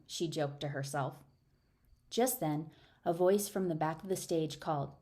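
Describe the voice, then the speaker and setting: A woman narrating an audiobook, lively in dialogue. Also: measured pace. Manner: expressive, raises pitch for dialogue. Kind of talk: audiobook narration with character voices.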